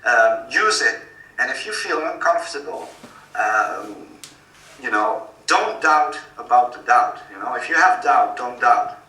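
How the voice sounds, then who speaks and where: Earnest Dutch-accented man, bright and distant. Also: mid-range voice, lively intonation, a little slow. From Netherlands. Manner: earnest, urgent warnings, many fillers. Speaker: guest. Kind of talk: remote interview. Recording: roomy, distant call audio.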